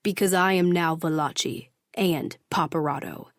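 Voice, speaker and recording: A woman's voice: lowish voice, moderate pace, no room sound, clean studio sound, close to an everyday voice. A woman voicing a cold, commanding male mafia boss who speaks in clipped, controlled lines.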